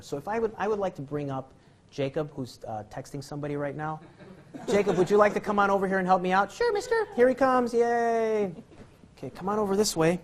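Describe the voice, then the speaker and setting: A man with a slightly higher than usual voice teaching card tricks in a loose, rambling way. He cracks jokes, pokes fun at himself and chuckles between his explanations. It sounds like a casual tutorial rather than a polished show. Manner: rambling, jokey, self-deprecating, chuckles often. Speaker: magic instructor.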